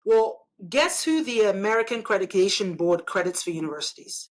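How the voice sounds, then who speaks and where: A Nigerian woman appears as a guest in a conversational interview; she is an engineer and an elected official. Her mid-range voice is expressive and brisk, though the recording is rough. She makes her case emphatically and persuasively, frequently ending points with "right?".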